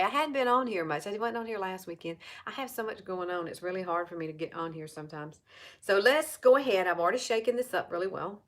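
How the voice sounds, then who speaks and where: A woman in her fifties with a lowish voice and an Alabama Southern accent. She walks viewers through a makeup routine in a chatty, casual way, repeating her points and speaking to them directly. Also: a bit bright. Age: 50s. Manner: chatty, repeats herself, talks straight to viewers. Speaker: makeup seller and vlogger. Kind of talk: casual live makeup tutorial.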